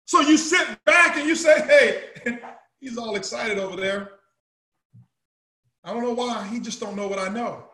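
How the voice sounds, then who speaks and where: A man founding a company gives an emphatic motivational speech to a live audience, repeating himself for effect and bursting into shouts. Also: very high voice, normal speed, long pauses, reverberant. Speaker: company founder speaking to his team.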